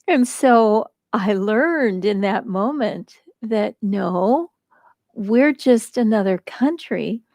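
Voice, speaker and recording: An American woman tells a personal story at an easy, unhurried pace, reflective and gently amused. Her voice sits mid-range, and the sound is close and dry, with no room around it. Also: medium pitch, lively intonation, dry recording. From United States. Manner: slow and reflective, with light laughter. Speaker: storyteller at a kirtan gathering.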